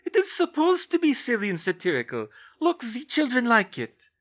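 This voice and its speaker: In a storybook reading, a man voices an amused young woman who speaks lightly, using a very high, heavily acted voice pitched above his own. The pitch swoops wildly, the speed is normal, and the tone is a bit bright.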